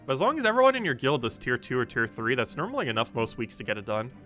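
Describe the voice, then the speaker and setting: A young man talks through his game stream in a loose, rambling way, full of ums, restarts and asides to chat. His voice is bright and forward, at an ordinary middle pitch for a man. Faint music plays under him. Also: huge pitch swings, fast. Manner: chatty, rambling, many ums and restarts, answers chat questions. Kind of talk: casual live-stream commentary while playing.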